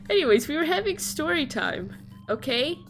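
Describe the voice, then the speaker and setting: Young woman streamer doing story time, super animated, gasps a lot, little bit of music in the background. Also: mid-range voice.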